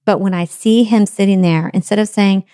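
A woman's voice: mid-range voice, steady tone, moderate pace, dark tone, clean tone, dry recording, clean studio sound. A middle-aged woman giving an earnest self-help talk on letting go, with repeated phrases and rhetorical questions. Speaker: motivational speaker.

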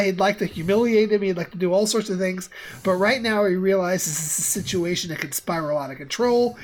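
A woman game master narrating a tabletop game in a casual, swearing way. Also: medium pitch.

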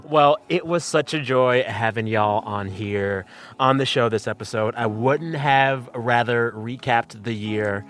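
A man hosting a radio interview from home, chatty and quick to laugh. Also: mid-range voice, fairly bright tone. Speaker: radio show host. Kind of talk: conversational interview.

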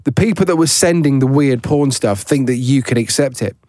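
A man's voice: medium pitch, fairly quick, darkish tone, dry recording, studio quality. A man co-hosting a casual chat show in a teasing, bantering way. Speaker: podcast co-host.

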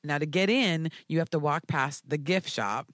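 A man casually telling a story, animated and full of fillers like "like". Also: a little high, moderate pace, dry recording, studio quality. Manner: animated, filler-heavy with frequent "like".

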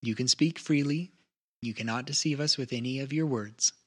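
A man voicing a calm, stern male wizard laying down the rules in a firm, declarative way. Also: mid-range voice, normal speed, slightly rough.

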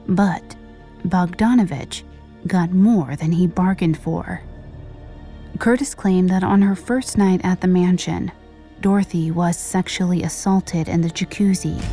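A woman narrating a scripted true-crime story with measured pacing and dramatic pauses. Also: fairly low pitch, mellow. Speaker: podcast narrator.

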